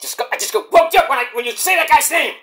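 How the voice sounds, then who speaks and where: A man impersonating a hot-headed, boastful male pro wrestler who shouts threats and brags. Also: very high voice, animated, fast talker, voice pushed up, full character voice. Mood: enraged.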